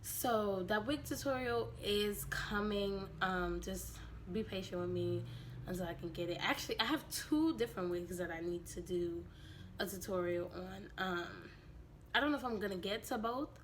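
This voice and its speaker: A woman vlogger with a raspy, hoarse voice from allergies, chatting casually and animatedly with her viewers. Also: medium pitch, a little hiss or hum. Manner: chatty and animated, quick asides.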